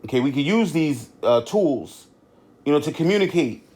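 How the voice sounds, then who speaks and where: Man, middle-aged, podcast host, warm mellow tone, rambling, heavy "you know" fillers. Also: on the high side, animated, moderate pace. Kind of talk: unscripted podcast monologue.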